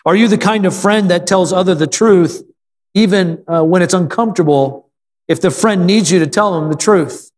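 Male pastor, sermon delivery, somewhat high-pitched, church hall with long reverb. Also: normal speed, a little mellow. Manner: call-and-response preaching with frequent amens; repeats phrases for emphasis, some filler stumbles. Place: church sanctuary.

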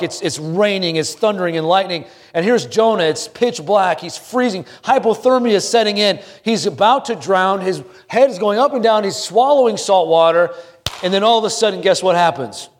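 A man's voice: high-pitched, in a large hall. A middle-aged man preaching a sermon, telling a story dramatically and building repeated refrains. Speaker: pastor. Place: church sanctuary.

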